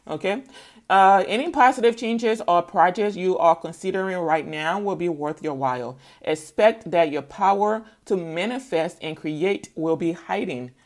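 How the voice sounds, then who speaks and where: Tarot reader, woman, lowish voice, blunt and preachy, casual delivery. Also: gravelly, a little mellow. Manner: blunt, preachy, peppered with "okay?". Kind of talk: casual spoken tarot reading.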